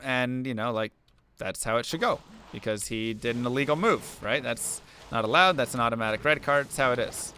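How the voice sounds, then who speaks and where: A man's voice: mid-range voice, brisk, bright, forceful tone, clear, resonant tone. A young man streaming to viewers, talking through an earnest, rambling story full of fillers as he chats. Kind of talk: casual chat while gaming.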